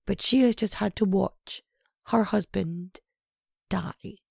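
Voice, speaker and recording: Young woman, true crime storyteller, gravelly fry, slow drawl, sarcastic and sweary, dry close sound. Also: mid-range voice, darkish tone, no echo. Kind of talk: casual true crime retelling.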